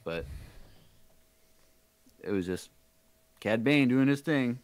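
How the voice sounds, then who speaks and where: A man's voice: medium pitch, lively intonation, takes it slowly, clean tone. A man co-hosting a podcast from home, casually recapping an episode from his notes with lots of fillers and trailing asides. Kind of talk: casual chat.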